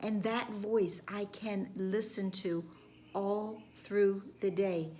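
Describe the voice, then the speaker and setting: A woman giving a reflective spiritual lesson, speaking gently with repeated phrases and some words dropped to a whisper. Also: mid-range voice, flat delivery, takes it slowly, slight background noise. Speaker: spiritual course teacher.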